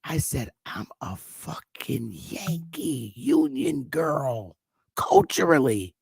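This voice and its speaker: A woman from Connecticut hosting a casual conversation, talking in a slow, emphatic, outspoken way. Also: very deep voice, wildly swooping pitch, gravelly, a little mellow, husky, dry recording. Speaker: host.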